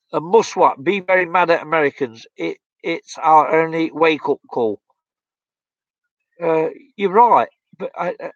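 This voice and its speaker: This live stream host has a slightly high voice and the audio carries no echo, sounding dry, dull, and lo-fi. He goes through viewer comments in a casual, blunt, heated way, with lots of fillers and false starts.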